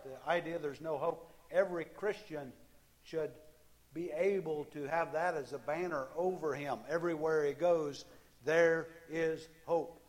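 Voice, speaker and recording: A man preaching a sermon, speaking earnestly with frequent restarts and fillers, acting out the cries of the people he quotes. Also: a little high. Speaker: pastor.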